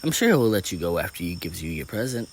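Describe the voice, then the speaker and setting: A bubbly, teasing teenage girl best friend, voiced by a man. She jokes loudly and pushes her voice up from a deep base. She is a figure in a spoken storybook. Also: very animated, fast talker, a little hiss or hum.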